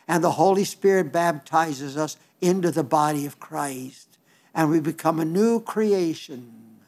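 An older man preaches in a high-pitched voice, earnest and homespun. He repeats himself and restarts phrases as he speaks straight to his listeners. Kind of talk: sermon.

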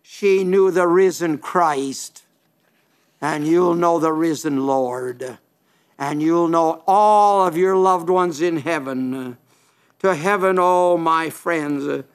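Older male radio preacher, fairly high voice, earnest and repetitive delivery. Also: takes it slowly, clear, resonant tone. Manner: earnest, repetitive storytelling with restarts. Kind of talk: radio sermon.

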